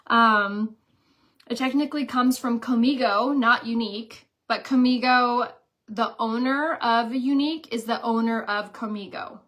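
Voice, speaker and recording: A woman's voice: on the high side, a bit bright. A young woman talking casually through a makeup tutorial, chatty and full of fillers. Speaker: makeup vlogger and beauty consultant. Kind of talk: casual makeup tutorial, reading viewer comments.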